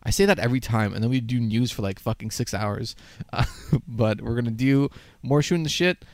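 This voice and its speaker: A man's voice: medium pitch, a little fast, no echo. A man hosting a casual gaming podcast, rambling and joking with frequent laughs. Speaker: podcast host.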